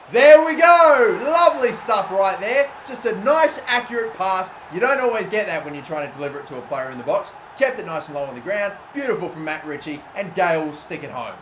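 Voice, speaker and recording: Excitable guy commentating gameplay. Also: fairly high pitch. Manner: excitable, swears when annoyed. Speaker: gaming YouTuber. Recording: echoey room with faint ambient noise.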